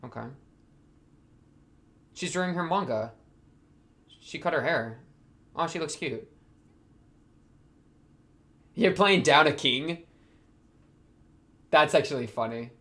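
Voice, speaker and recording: Man reacting to anime with excited outbursts. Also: on the high side, takes it slowly, pauses often. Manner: talks back to the screen, jumps from muttering to excited outbursts. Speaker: reaction video host. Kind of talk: casual anime reaction commentary.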